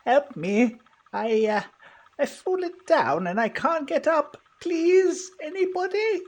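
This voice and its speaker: Guy doing a frail old man, high thin pleading cries, fallen and can't get up. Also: animated, slow pace, heavily acted.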